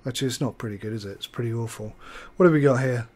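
A man's voice: medium pitch, rapid-fire, a little mellow. A man hosting a let's play, chatting and joking his way through a bus driving game. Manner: chatty, joking, self-deprecating. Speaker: gaming channel host.

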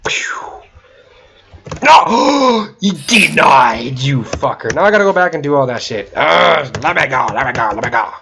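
A young man giving casual gaming commentary, excitable, yelping, whooping and swearing often as he plays. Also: mid-range voice, brisk, creaky, few pauses, slight background noise. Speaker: gaming channel host.

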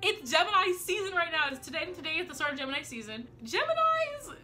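Young woman vlogger, quick rambling casual delivery, slight speech impediment, bright voice. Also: high voice, animated, faint music behind. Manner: very fast, rambling, lots of swearing and fillers. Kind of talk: casual chat to camera. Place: home room.

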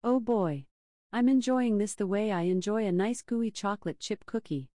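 A woman's voice: medium pitch, moderate pace, warm tone, no room sound, lightly acted. A woman voicing a sassy female smart-speaker assistant in a comedy sketch, dry and teasing. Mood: deadpan.

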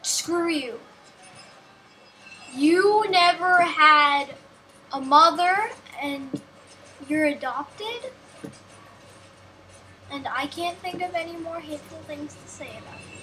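High-voiced young woman rambling over gameplay. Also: slow, long pauses, bright, forceful tone, faint music behind, poor audio. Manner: rambling, sarcastic, talks to herself and the game. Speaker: gameplay commentator. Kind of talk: casual gameplay commentary.

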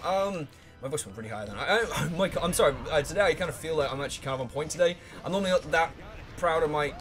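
A man commentates his own let's play gameplay, fast and a little high-voiced, with background noise in the recording. He gets worked up, swears a lot, hums as he thinks, and hollers at the game's characters.

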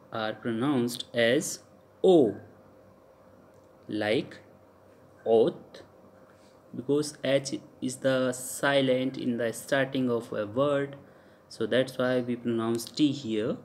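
A man's voice: mid-range voice, slow, darkish tone. A man with an Indian English accent teaching French pronunciation in a recorded lecture. He repeats each example sound several times and hesitates with fillers.

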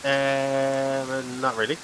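A man's voice: medium pitch, extremely slow, poor audio. A man playing a survival game with a friend, joking around in a laid-back way. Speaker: co-player. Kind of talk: casual gaming chat. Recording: steady rain-like noise behind.

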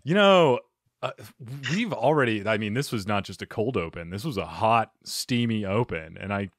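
A man's voice: on the low side, animated, normal speed, no room sound, studio quality. A man hosting a podcast interview, chatty and self-deprecating, joking with his guest. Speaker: podcast host. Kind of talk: casual interview chat.

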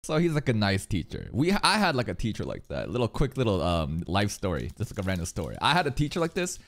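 An excitable man reacting live to an anime episode, his voice swinging wildly up and down. He swears freely and stammers out repeated words whenever something surprises him. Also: lowish voice, quick pace.

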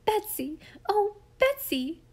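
A woman reading a storybook, voicing a timid, gentle aunt who shrieks and pleads in panic. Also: very high voice, very animated, slow, pitched above the performer's own voice, heavily acted. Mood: panicked.

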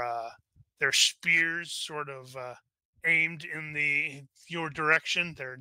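Rambling game master man, bright sharp voice. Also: a little high, clear, resonant tone, no room sound. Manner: rambling, full of fillers and restarts. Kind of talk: narrating a tabletop game.

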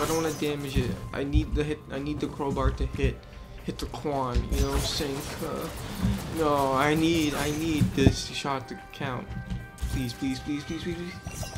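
A woman doing unscripted gameplay commentary, excitable and swearing constantly, panicky and self-mocking, rambling with fillers. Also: low voice, normal speed, over loud music. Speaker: gaming YouTuber.

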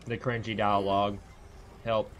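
A man streaming a video game, reacting with excited, profane casual commentary. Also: lowish voice, a little slow, lo-fi sound, a little hiss or hum.

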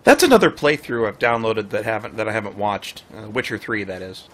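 A man's voice: on the low side, expressive, fairly quick, fairly bright tone. A man casually commenting on his gameplay livestream, playful and laughing often as he chats to his cat. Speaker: game streamer.

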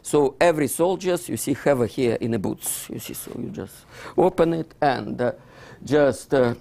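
A man's voice: mid-range voice, moderate pace, gravelly, mellow. An older man from Russia with a heavy Russian accent, an author giving a book talk in broken English, full of fillers and "you see, so". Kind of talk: lecture presentation.

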